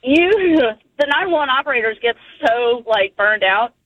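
A woman's voice: fairly high pitch, lively intonation, a little slow, lo-fi sound. A woman from Virginia with a Virginian accent, calling a radio show as a 911 dispatcher and chatting in an easygoing way.

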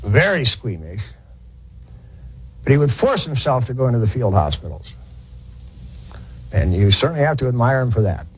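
Husky-voiced man telling war history. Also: mid-range voice, very animated, normal speed, pauses often, low-quality recording. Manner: folksy, conversational, with many fillers and restarts. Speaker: historian lecturer. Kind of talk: storytelling lecture.

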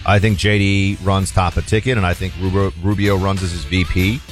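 Guy hosting call-in talk radio, lowish voice, rambly and casual, bit of music under him. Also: flat delivery, fairly quick. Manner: loose, chatty, many fillers and restarts. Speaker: radio talk show host.

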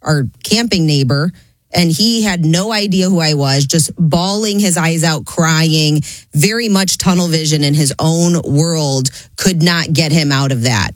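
A woman's voice: low-pitched, unhurried, no room sound. A woman on a radio show chatting casually, telling a loose, chatty anecdote.

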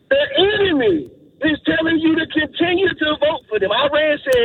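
A man's voice: extremely high pitch, lively intonation, normal speed, no echo. A man calling into a radio show, making an impassioned, preachy rant and repeating himself as he addresses listeners. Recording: tinny phone line with faint hiss.

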